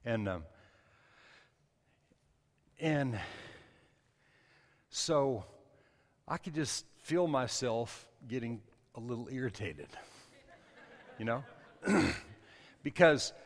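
A man's voice: mid-range voice, in a large hall. A man preaching a sermon, telling a personal story in a loose, conversational way with frequent restarts and asides. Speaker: pastor.

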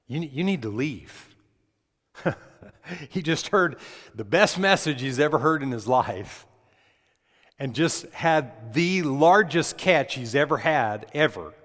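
A man's voice: on the high side, animated, slow pace, a bit bright, in a large hall. A man preaching a sermon to a congregation, emphatic, putting questions to the listeners. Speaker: pastor.

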